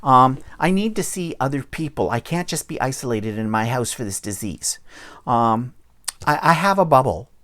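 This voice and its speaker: A man's voice: medium pitch, lively intonation, normal speed, a bit bright, close to an everyday voice. A man putting on a whiny voice to play a self-pitying complainer. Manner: nasal whining complaint.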